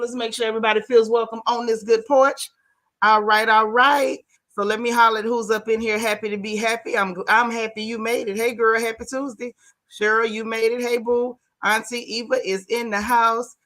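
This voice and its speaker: A woman's voice: mid-range voice, fairly bright tone. A woman hosting a live gossip stream, chatting and greeting viewers by name. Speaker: host of a live gossip show. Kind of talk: casual live-stream chat.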